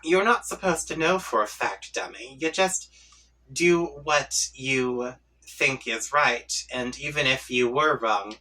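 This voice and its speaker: A man's voice: mid-range voice, takes it slowly, bright, forceful tone, distant mic, low-quality recording. A man reading a webcomic aloud, reacting as he goes and playfully voicing the chat lines. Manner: playful, reads chat lines in voices and laughs along. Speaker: comic reading channel host.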